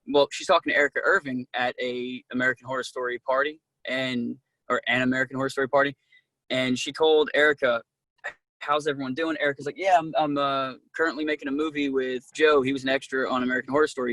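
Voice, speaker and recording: A man being interviewed as an actor, telling casual, animated stories and acting out what people said, with many fillers. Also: mid-range voice, no echo. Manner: animated, acts out quoted dialogue, many "like"s. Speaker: actor guest.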